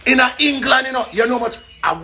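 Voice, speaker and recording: Loud high-voiced Jamaican man joking. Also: expressive, fairly quick, crowd noise. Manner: loud, joking, shifts into mock-English voice. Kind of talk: animated joking chat.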